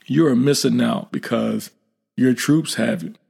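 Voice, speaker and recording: A man's voice: mid-range voice, takes it slowly, gravelly, slightly rough. A man in a casual conversation, talking about leadership and acting out bits of quoted dialogue. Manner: animated, acts out quoted dialogue. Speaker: military leader. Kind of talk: casual podcast chat.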